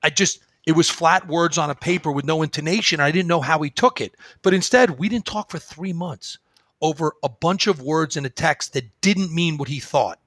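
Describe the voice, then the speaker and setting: Animated storytelling man, dry close mic. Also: a little high, normal speed, no echo. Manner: animated storyteller, acts out quoted dialogue. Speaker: guest, phone service business owner. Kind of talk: conversational podcast interview.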